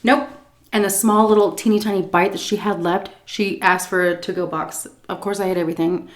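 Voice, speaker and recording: A woman's voice: medium pitch, steady tone, a little fast. A woman food vlogger telling a story in a chatty, casual way while she eats, often breaking into laughs.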